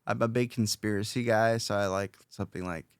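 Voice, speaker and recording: Low gravelly man rambling casually. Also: fairly even intonation, a little fast, no echo, studio quality. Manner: rambling, self-reflective, many fillers and restarts. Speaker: podcast host, interviewed as guest. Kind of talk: casual podcast chat.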